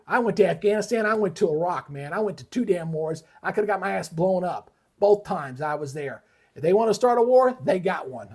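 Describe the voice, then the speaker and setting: A middle-aged man from Georgia, USA, hosts a live weather stream, heated and ranting with frequent swearing in casual commentary. His voice is high, a little mellow, and husky.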